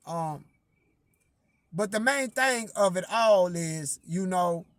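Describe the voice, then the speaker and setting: Brief: man telling his own story, slangy and profane, pitch leaping around, dry close sound. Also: slow pace, dry recording. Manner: animated, swings between loud outbursts and low asides; slangy, profane, addresses listeners directly. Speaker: singer-songwriter telling a personal story. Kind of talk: casual storytelling monologue.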